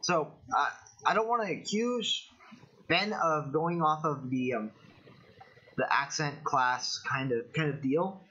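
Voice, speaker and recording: A young American streamer with a Californian accent rambles through political opinions and answers his chat on a casual livestream. His voice is a little high and slow, pushed and bright with a breathy edge, heard through dull lo-fi audio.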